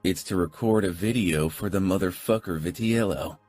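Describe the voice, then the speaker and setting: A foul-mouthed biker president barks orders and snarls threats, as a male narrator voices him. The voice is very deep and husky. Soft music plays underneath this audiobook scene. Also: moderate pace. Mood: snarling. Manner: snarling, barking orders, profane. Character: furious older male biker club president.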